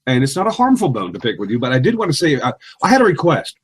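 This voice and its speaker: A man's voice: mid-range voice, huge pitch swings, fast, husky. A man co-hosting a podcast, chatting enthusiastically and jokingly with frequent stammered restarts. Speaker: podcast co-host. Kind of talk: casual chat.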